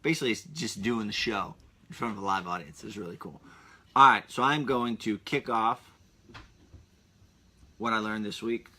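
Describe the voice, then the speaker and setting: A man's voice: lowish voice, normal speed, long pauses, bright, forceful tone. A man hosting his own podcast, rambling in a casual solo chat full of asides and restarts. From Pennsylvania. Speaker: podcast host.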